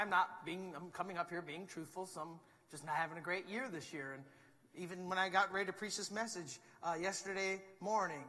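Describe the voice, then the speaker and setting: A man preaching a sermon as pastor, talking in a conversational, animated way and acting out quotes. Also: high-pitched, in a large hall. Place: church sanctuary.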